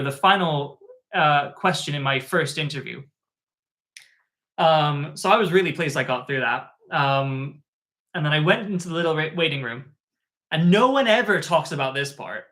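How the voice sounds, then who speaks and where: Man, tutor, chatty anecdote, animated, bright edgy voice. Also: fairly high pitch. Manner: animated, chatty, lots of fillers. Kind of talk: casual spoken anecdote.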